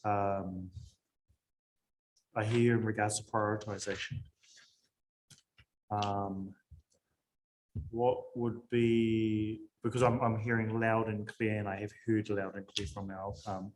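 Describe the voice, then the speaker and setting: A man, a councillor questioning staff at a council hearing, halting with many fillers. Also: fairly low pitch, slight background noise, low-quality recording.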